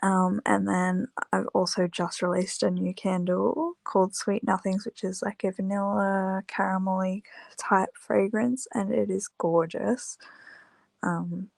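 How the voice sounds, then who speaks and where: Tired woman chatting slowly, creaky. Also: mid-range voice, steady tone, darkish tone, no echo. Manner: rambling, many fillers, unhurried. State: tired, yawning. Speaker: small-business candle maker vlogger. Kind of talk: casual chat to camera.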